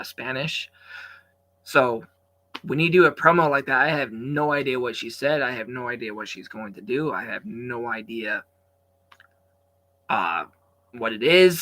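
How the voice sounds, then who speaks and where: A man giving a casual, rambling recap of a wrestling show, full of fillers and restarts, with sudden loud bursts of excitement that trail off. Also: mid-range voice.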